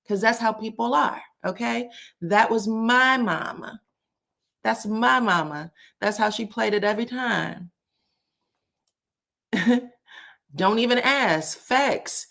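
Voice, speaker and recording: A woman's voice: on the high side, measured pace, gravelly. A woman chatting casually on a live stream, telling family stories with frequent laughs and acting out quoted lines in a raised voice. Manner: animated, laughs often, acts out quotes in a raised voice.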